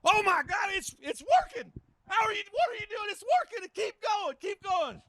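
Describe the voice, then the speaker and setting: A man voicing a panicky farmer who shrieks and yells frantically, at an outdoor comedy show. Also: very high-pitched, sing-song, normal speed, voice pushed up, heavily acted. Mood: frantic. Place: outdoor park stage.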